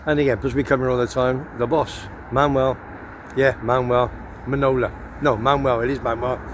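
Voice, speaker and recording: Medium in pitch and moderate in pace, his voice barely moves in tone. He's an older Gloucestershire vlogger wandering town streets with a handheld phone, rambling cheekily and chatting himself up, with traffic noise spilling into the noisy recording.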